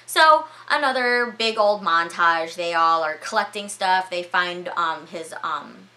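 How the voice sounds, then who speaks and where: A young woman vlogger recapping a movie in a chatty, excitable way, full of filler words. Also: lowish voice, measured pace.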